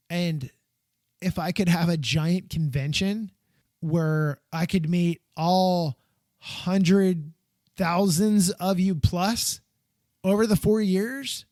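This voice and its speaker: Excitable American man hosting a podcast. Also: high-pitched, no room sound, clean studio sound. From United States. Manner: rambling, heartfelt and excitable, voice jumping up when enthused. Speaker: podcast host. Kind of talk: solo podcast monologue.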